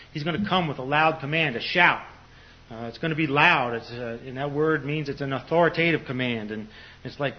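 An older man teaching on a Bible passage in a conversational sermon, full of "you know" fillers and restarts. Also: a little high. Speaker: preacher. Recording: slightly dull lo-fi recording.

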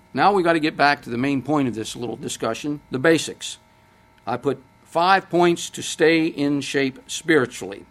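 An older man preaching a sermon, speaking conversationally, quoting scripture and putting questions to the congregation. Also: fairly high pitch.

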